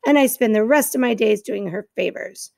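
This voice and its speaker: A woman voicing a gruff, stubborn male beaver who grumbles and answers curtly in a storybook. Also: a little high, moderate pace, darkish tone, no room sound, studio quality. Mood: grumbling. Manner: grumbling and curt.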